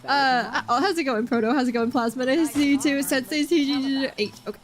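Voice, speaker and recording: Young woman, high voice, game streamer; giggly, rambling chatter with her chat, faint music behind. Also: brisk. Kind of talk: live gameplay stream chat.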